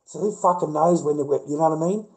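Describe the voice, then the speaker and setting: A man's voice: a little high, quick pace, low-quality recording. A middle-aged Australian man talks straight to his livestream audience in a loose, casual way. He is blunt and swears constantly, ranting and arguing with viewers in the chat. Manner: profane, blunt, rants at viewers.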